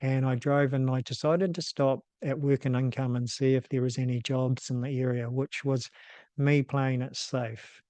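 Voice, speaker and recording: NZ man in his 50s, host telling a personal story, steady flat delivery, lots of ums, dry close sound. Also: medium pitch, dry recording. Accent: New Zealand. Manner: casual and unhurried, with frequent ums and restarts.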